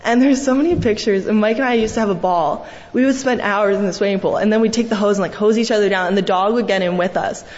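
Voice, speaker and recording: A woman's voice: mid-range voice, fast, hardly any pauses, darkish tone. Young woman giving a rambling eulogy. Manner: fond rambling storytelling with many fillers. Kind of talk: memorial eulogy. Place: large church. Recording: echoey hall, dull sound, faint hiss.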